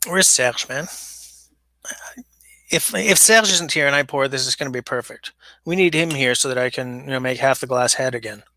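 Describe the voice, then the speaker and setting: The host of a casual basement livestream rambles and reads viewers' comments aloud into a smaller mic than his regular one. His mid-range voice is sharp and moves at a moderate pace, and the recording sounds dry.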